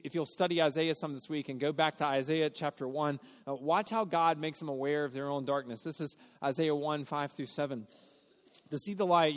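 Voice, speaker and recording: A man's voice: a little high, in a large hall. A man preaching a sermon in a conversational, earnest way, often acting out quoted voices. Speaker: pastor.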